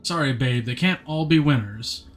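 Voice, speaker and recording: This game streamer has a mid-range voice and a moderate pace. He's chatty with viewers, answers the chat, and reads the game's narration aloud in a plain manner.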